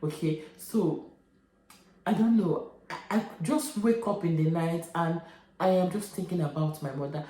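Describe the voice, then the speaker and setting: A Nigerian woman in her thirties vlogging about a painful family ordeal, halting and repeating herself as she fights back tears. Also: fairly low pitch, dark tone, echoey room, poor audio. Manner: tearful, repetitive, halting. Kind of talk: emotional personal vlog.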